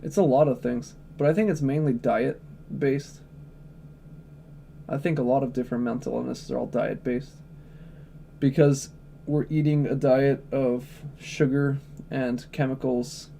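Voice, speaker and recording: A man's voice: mid-range voice, steady tone, measured pace, vocal fry, dark tone, slight background noise. A man chatting casually on a livestream, blunt, opinionated and profane, answering chat questions.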